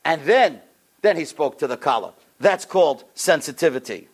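High-voiced man preaching with animated stories. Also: moderate pace, background noise. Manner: animated storyteller, voice rising on key points. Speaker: rabbi. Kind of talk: sermon storytelling.

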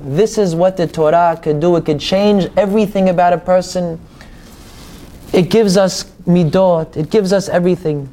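A man's voice: high-pitched, fairly even intonation, moderate pace, dark tone. A man preaching a sermon, telling a story with animation and acting out the people in it.

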